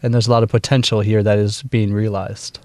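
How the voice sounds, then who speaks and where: A man's voice: on the low side, fairly quick, dry recording. Midwest american guy on a radio interview, laid back, lots of ums, dry close sound. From Wisconsin, USA. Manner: relaxed, chatty, laughs easily, many fillers. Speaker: bandleader and woodwind player, guest.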